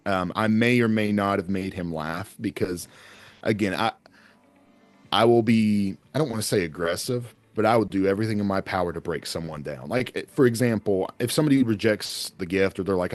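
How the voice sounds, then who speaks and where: Low-voiced man telling lively stories. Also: fairly quick, no echo, soft background music. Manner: animated anecdotes, frequent laughter. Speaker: podcast guest, evangelist. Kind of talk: casual storytelling chat.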